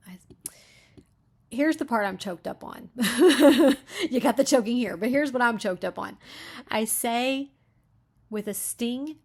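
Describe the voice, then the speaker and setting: A woman's voice: mid-range voice, creaky. A woman reading a story aloud as a beta reader, breaking off to comment on the writing.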